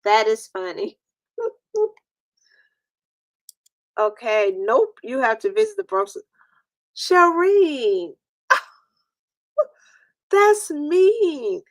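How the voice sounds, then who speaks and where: A woman's voice: a little high, big pitch swings, extremely slow, long pauses, fairly bright tone, no room sound. Chatty New woman hosting a stream. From New York. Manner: laughs often, chatty and playful with viewers. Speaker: host. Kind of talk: casual live-stream chat.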